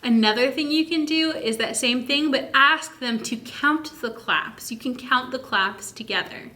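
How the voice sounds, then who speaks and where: A woman presenting an instructional video for parents on early literacy, talking in a friendly, encouraging teacher's way and stretching words out slowly to show their sounds. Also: high voice, pushed and bright.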